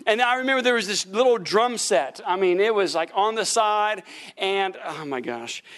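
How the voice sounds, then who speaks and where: A middle-aged man, a pastor, telling animated stories from the pulpit during a sermon, breaking into laughter and shouts at the punchlines. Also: sits high, normal speed. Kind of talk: sermon storytelling. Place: church sanctuary.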